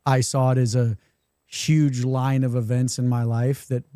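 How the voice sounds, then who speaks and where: A filmmaker being interviewed, a man explaining his view in an earnest, measured way. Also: medium pitch, level tone, dark tone, clear, resonant tone, no room sound, clean studio sound. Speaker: filmmaker guest.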